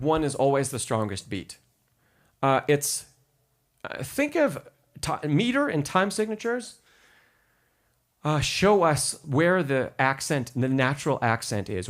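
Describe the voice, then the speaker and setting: A man teaching piano in a live-stream lesson who patiently explains rhythm, counts beats aloud and answers chat questions. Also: mid-range voice.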